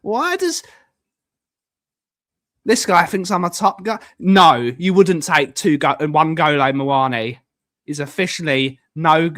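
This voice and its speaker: On a live stream, a man with an Essex accent mutters through viewer comments and replies in a casual way, drawing out words to stress them. The pitch is fairly high and the tone fairly bright, in clean studio audio without room sound.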